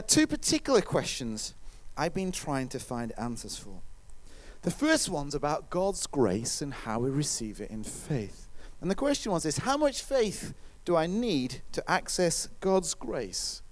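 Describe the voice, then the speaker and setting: A man preaching a conversational sermon, now and then acting out what his listeners might say. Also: fairly high pitch. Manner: lively, conversational, acts out listeners' voices.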